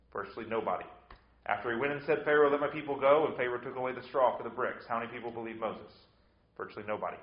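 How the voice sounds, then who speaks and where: A man preaching a verse-by-verse sermon, repeating rhetorical questions to drive his point home. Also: medium pitch. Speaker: pastor. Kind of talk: expository sermon. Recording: echoey hall, dull lo-fi sound.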